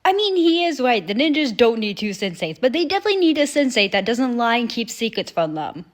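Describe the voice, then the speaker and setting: A woman hosts a reaction video with casual, chatty commentary, her fairly high voice sing-song. She swears freely and quotes characters in quick asides.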